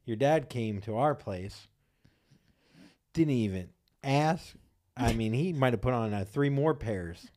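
A man's voice: medium pitch, animated, slow pace, a little mellow, a little hiss or hum. A man co-hosting a comedy podcast, chatting casually and joking crudely with plenty of swearing. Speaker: podcast co-host.

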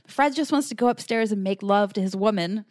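A woman co-hosting a podcast casually recaps an episode, acting out quotes from scenes amid lots of fillers. Her voice is mid-range, fairly quick, and darkish, with clean studio sound and no room tone.

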